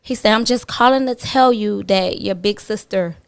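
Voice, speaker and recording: A woman's voice: medium pitch, normal speed, creaky, clean tone. A woman guest on a talk radio show tells a personal story candidly, acting out other people's lines as she goes. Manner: animated, acts out other people's lines in her retelling; blunt and candid, with casual swearing.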